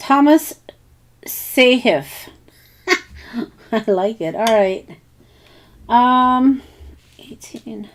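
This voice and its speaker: A woman's voice: a little high, drawn-out words, long pauses. A woman hosting a crafting tutorial, thinking aloud in a casual, hesitant way with many ums and bits of self-talk. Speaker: craft channel host.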